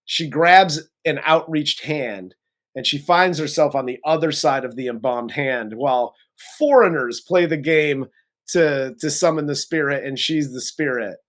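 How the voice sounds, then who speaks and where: A co-host of a movie review show in casual chat, recapping the plot in an animated, giggly way. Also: medium pitch, unhurried.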